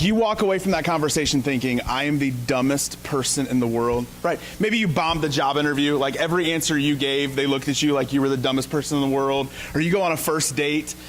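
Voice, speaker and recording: A man's voice: on the high side, a little hiss or hum. A male pastor from Ohio giving a conversational sermon full of storytelling and sarcastic, self-deprecating asides. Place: church sanctuary.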